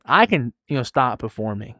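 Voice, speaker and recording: A man in his twenties giving a relaxed, conversational sermon, often dropping quiet and tired, then rising to stress a point. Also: medium pitch, moderate pace, no room sound, studio quality. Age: 20s. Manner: soft-spoken, conversational, trailing quiet between emphatic rises. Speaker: preacher.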